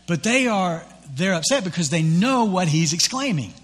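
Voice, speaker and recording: A man preaching a sermon as pastor, retelling scripture in a conversational, animated way with acted-out quotes. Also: sits high, normal speed, long reverb tail.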